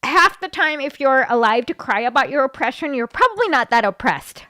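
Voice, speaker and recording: A woman with a fairly high voice, talking in a blunt, sarcastic way as she reacts to a clip. She speaks casually, full of "um" and "like", in a dry, close recording. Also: big pitch swings, brisk, pushed and bright, no echo. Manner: blunt and sarcastic, with many fillers. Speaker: commentary host.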